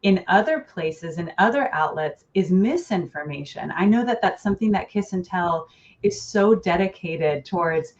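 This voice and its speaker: A woman's voice: lowish voice, lively intonation, moderate pace. Earnest woman therapist on a lo-fi recording. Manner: thoughtful, earnest, with light laughs. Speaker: relationship therapist, guest. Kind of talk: podcast interview. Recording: dull lo-fi sound.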